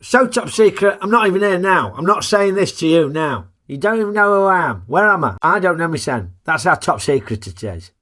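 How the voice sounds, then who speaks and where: A man's voice: sits high, very animated, brisk, hardly any pauses, pushed and bright. A man, hosting a casual, jokey film review in a chatty, plain-spoken way.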